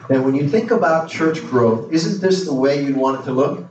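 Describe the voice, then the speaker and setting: A man's voice: on the high side, moderate pace, darkish tone, lo-fi sound, a little hiss or hum. A man preaching a sermon as pastor, questioning the congregation and drawing answers back in call-and-response. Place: church sanctuary. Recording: roomy echo, distant mic, faint ambience.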